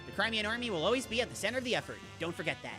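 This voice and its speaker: A woman's voice: mid-range voice, very animated, very fast, music in the background, natural voice. A woman voicing a playful young male beast-warrior in a game, talking in a breezy, teasing way.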